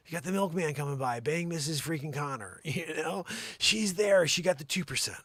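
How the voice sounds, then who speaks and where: A man's voice: on the high side, expressive, moderate pace, fairly bright tone, no room sound. Rambling, joking male comedy host. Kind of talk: comedic monologue.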